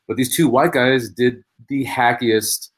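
A man's voice: mid-range voice, a little slow, husky. A man who is a comedian, telling stories animatedly as a podcast guest, with many restarts. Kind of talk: casual podcast chat.

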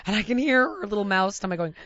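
A woman telling a funny story in a casual chat, animated and laughing as she mimics the people in it. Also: medium pitch, fast. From United States. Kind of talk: casual anecdote. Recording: dry, slightly dull lo-fi recording.

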